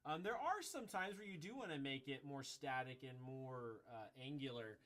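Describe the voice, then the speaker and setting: Relaxed man teaching drums. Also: medium pitch, moderate pace, noisy background. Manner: relaxed, explanatory, loose with self-corrections. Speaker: drum teacher. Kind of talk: casual video lesson. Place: music school room. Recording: voice between loud drum playing. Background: drum kit playing.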